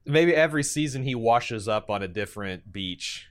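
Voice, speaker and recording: A man's voice: medium pitch, expressive, moderate pace. A young man co-hosting a podcast, chatting casually and rambling with jokes. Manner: rambling, joking, drifts into goofy put-on voices. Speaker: podcast co-host. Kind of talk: casual chat.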